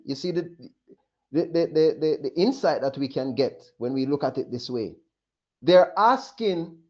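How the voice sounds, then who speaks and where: Male preacher, high voice, slow deliberate delivery, dull lo-fi sound. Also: mellow. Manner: emphatic, repeats phrases, voices questions of others. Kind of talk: sermon. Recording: dull lo-fi recording.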